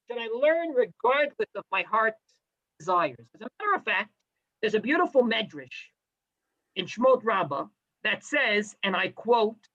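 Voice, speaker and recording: A man teaching a Torah class, animated, with sarcastic asides and Hebrew terms mixed in. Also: very high voice, lo-fi sound. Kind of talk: lecture to a class.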